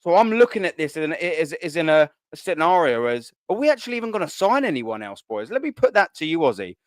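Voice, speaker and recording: A man's voice: on the high side, very animated, fast talker, no echo, studio quality. A man hosting a casual live football chat show, rambling and swearing casually. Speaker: host.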